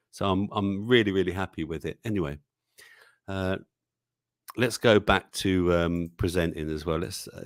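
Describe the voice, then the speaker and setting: A man with a low, lively voice hosts a casual live stream and reads memes aloud, chuckling as he goes. His voice swings up and down with animation, recorded dry and close. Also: no room sound. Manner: chatty, chuckles often, warmly exclaims over what he shows. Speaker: livestream news show host.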